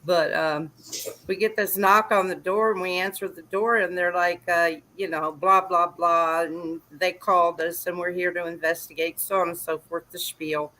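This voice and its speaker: Older man, bright forceful voice, laid-back father telling a story. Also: sits high, flat delivery, normal speed, slight background noise, rough recording. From Georgia. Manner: laid-back storyteller who laughs at his own tale. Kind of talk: casual storytelling chat.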